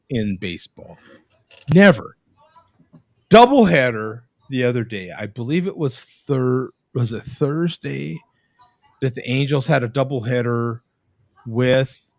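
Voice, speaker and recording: A man's voice: medium pitch, no room sound, studio quality. A man hosting a live web show from a video call, chatting casually and explaining things to his viewers. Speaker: host.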